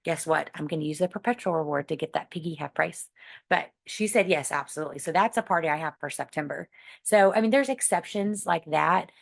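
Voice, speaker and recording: A woman's voice: low voice, a little fast, gravelly. A woman leading a team meeting on a video call, chatty, with many fillers and retold chats. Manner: chatty, full of fillers and retellings. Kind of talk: casual meeting talk.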